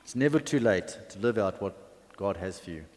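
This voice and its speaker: A man's voice: lowish voice, expressive, moderate pace, a little mellow. A man preaching a sermon in a conversational, chatty way, with asides and fillers. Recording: long hall reverb.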